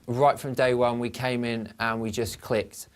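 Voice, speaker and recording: A young man in a reality-show diary room, speaking earnestly and warmly about fellow housemates. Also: medium pitch, level tone, a little slow, clear, resonant tone. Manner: earnest and heartfelt.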